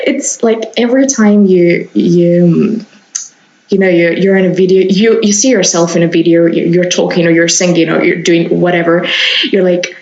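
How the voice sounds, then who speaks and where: A woman's voice: medium pitch, darkish tone, poor audio. Chatty young woman with a sore throat. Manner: rambling, chatty, many fillers and restarts. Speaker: Sims building video host. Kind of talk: casual voice-over commentary.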